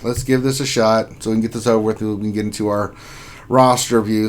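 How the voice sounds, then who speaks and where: A man's voice: fairly low pitch, level tone, moderate pace. A man hosting a casual gaming livestream, reading viewers' names aloud in an upbeat, jokey way. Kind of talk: casual live-stream chat.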